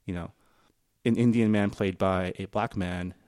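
Low-voiced man rambling with many ums. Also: steady tone, darkish tone, no echo, clean studio sound. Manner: rambling, halting, lots of ums and laughs. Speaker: podcast co-host. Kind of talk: casual chat.

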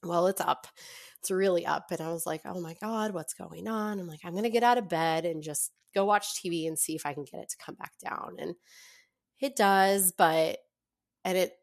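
A young adult woman telling her own story as a podcast guest, chatty, with lots of fillers and quick laughs. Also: lowish voice, gravelly. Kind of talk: casual storytelling in an interview.

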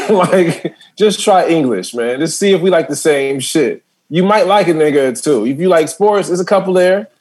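A man's voice: on the high side, normal speed. A man, a stand-up comedian, chatting as a guest and telling stories with frequent laughter and acted-out quotes. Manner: animated storytelling, frequent laughter, acts out quotes. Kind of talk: casual podcast chat.

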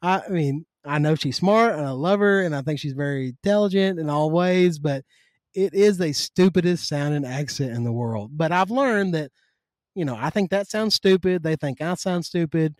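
A man with a Southern US accent from Kentucky, a podcast guest telling stories in a folksy, animated way. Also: fairly high pitch, moderate pace, dry recording, clean studio sound. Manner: folksy, animated storytelling with down-home sayings. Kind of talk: casual conversation.

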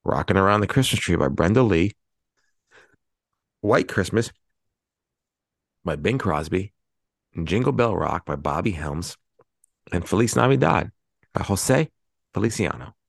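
A man co-hosting a podcast, chatting casually and reading listener emails with wry, deadpan humor. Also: deep voice, unhurried, gravelly, long pauses, no room sound, clean studio sound. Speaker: podcast co-host.

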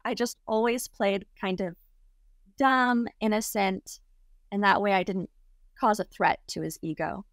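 Speaking unhurriedly in a fairly high voice, a young adult woman appears as a guest on an interview show and shares a personal story in a chatty manner full of "like" fillers. The recording is clean studio quality with no room sound.

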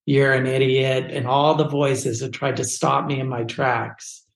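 Animated man with a roomy echo. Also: mid-range voice, unhurried, vocal fry. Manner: animated, casual, full of "like" and "dude". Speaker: photographer guest. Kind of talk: personal storytelling in a podcast interview.

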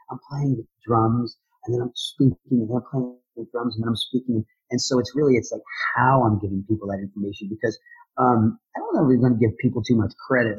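A husky-voiced man talks energetically in a casual interview, rambling and restarting his sentences. The sound is dull and lo-fi, and his pitch sits at a middle level. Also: darkish tone. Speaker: guest, drummer and speaker.

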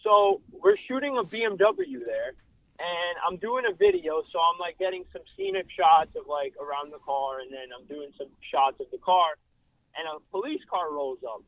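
A young man telling a story in a casual interview, animated and full of fillers, calling in over a breaking-up phone line. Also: high-pitched, moderate pace, creaky. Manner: animated, filler-heavy, swearing. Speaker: car photographer guest. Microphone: phone call, breaking up. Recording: dry thin phone line.

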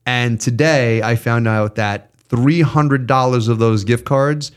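A man's voice: medium pitch, slow, clear, resonant tone. Male podcast host, casual and profane, mid-range voice. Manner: ranting, profane, animated. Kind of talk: casual podcast chat and ad reads.

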